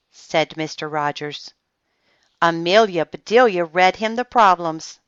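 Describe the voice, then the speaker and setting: Slow, expressive woman reading a kids' book. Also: deep voice, smooth, no echo, muffled recording. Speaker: storybook reader. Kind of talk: children's book read-aloud.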